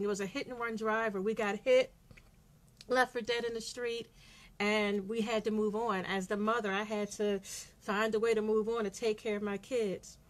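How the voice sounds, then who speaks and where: A woman's voice: a little high, fairly bright tone. A middle-aged woman blogger giving a motivational monologue, stressing her points by repeating short phrases.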